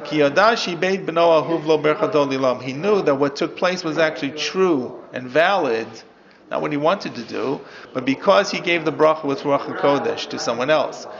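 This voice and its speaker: A man with a gravelly, creaky voice teaches a roomful of students, reading out Hebrew lines and translating them as he goes. The recording is dull and lo-fi, with the chatter of the class clearly heard behind him. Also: a little high, normal speed. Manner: explains step by step, reads Hebrew then translates. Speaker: rabbi teaching a text class. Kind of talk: classroom Torah lesson.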